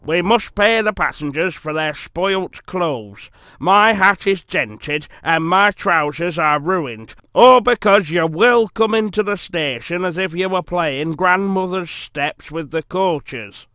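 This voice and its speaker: A man voicing a stout, stern male railway boss who is easily cross, talking loud and clipped. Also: high-pitched, slow, clean tone, no room sound, exaggerated voice. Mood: cross, scolding. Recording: music playing under the voice.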